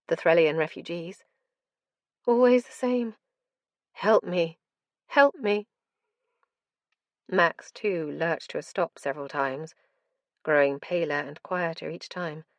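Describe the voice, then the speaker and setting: Woman reading a dark fantasy audiobook, lowish voice, tense and dramatic, dry sound. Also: dry recording. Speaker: audiobook narrator. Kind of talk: first-person fantasy audiobook narration.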